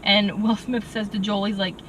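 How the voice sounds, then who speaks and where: A woman with a bright, sharp tone talks through a movie review in animated, exasperated bursts. She speaks from inside a car, with a faint road hum underneath. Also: mid-range voice, poor audio. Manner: animated, exasperated, quick asides with "like". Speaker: podcast co-host. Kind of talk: casual movie review chat.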